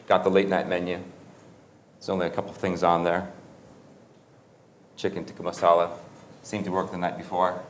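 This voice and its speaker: Deep-voiced man telling a humorous story. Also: monotone, fairly quick, pauses often, a little hiss or hum. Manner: conversational and humorous, with frequent self-corrections and laughter. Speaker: motivational speaker. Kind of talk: motivational talk with storytelling.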